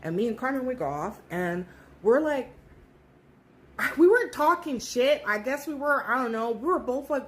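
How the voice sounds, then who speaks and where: A woman's voice: sits high, normal speed, slight background noise. A woman in her thirties telling a personal story casually, animatedly acting out what people said and swearing freely. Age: 30s. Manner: animated, acts out quoted voices, swears freely.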